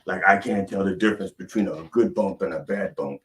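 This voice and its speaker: A man from northern Maryland with a Maryland accent, hosting a mock sermon and swinging between booming prayers and mumbled asides. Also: a little fast, far from the mic, a little hiss or hum. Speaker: comedic preacher host.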